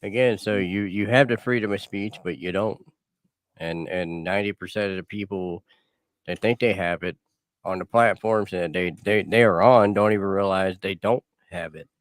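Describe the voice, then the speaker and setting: A man co-hosting a livestream, with a voice pitched somewhat low. He is laid-back and agreeable, chiming in to back up the host. He is recorded dry and close to the mic. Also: moderate pace, no room sound. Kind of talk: casual livestream chat.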